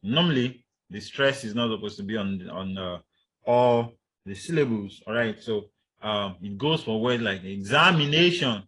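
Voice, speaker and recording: A man lecturing on linguistics. He pauses often with fillers and acts out sample intonations. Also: fairly low pitch. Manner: halting, frequent fillers, acts out example intonations. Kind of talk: university lecture.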